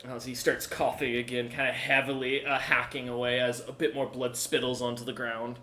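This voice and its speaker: A man serves as game master and narrates the scene in a loose, rambling way. His voice is bright and forward. The room around him gives a clear echo. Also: mid-range voice, level tone, moderate pace, a little hiss or hum. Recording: echoey room.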